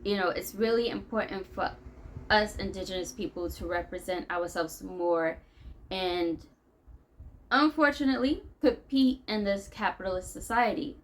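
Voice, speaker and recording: A woman's voice: medium pitch, normal speed, low-quality recording. A woman from the United States venting to camera in a rambling, conversational monologue as a vlogger.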